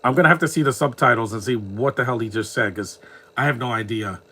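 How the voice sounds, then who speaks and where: A New York man with a New York accent gives casual live commentary on a movie as a watch-along commentator, joking and laughing at it. His mid-range voice is fast, pushed, bright and husky.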